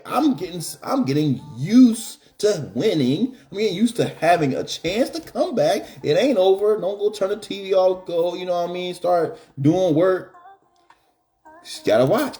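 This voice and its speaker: Animated man hosting a live stream. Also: medium pitch. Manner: animated, joking, slangy. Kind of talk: casual chat.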